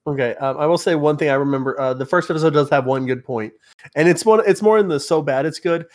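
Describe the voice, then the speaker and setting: A man's voice: on the high side, quick pace. A man in a casual podcast chat, telling an amused story about a scene he found funny.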